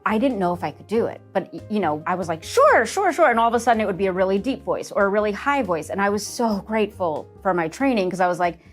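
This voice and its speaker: A middle-aged woman from New Jersey, a voice actress chatting casually in an interview, lively and quick to laugh. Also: medium pitch, faint music behind. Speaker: voice actress guest.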